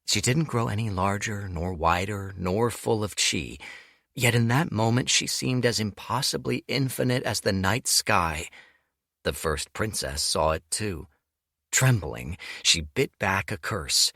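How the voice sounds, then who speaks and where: A man narrating an audiobook in an expressive, storytelling manner. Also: fairly low pitch, a little slow, creaky, no room sound, clean studio sound.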